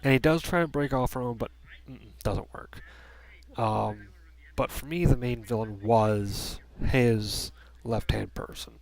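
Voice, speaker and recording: A man's voice: mid-range voice, a little slow, creaky, darkish tone. A man giving a casual spoken movie review from a room at home, rambling with many restarts and fillers.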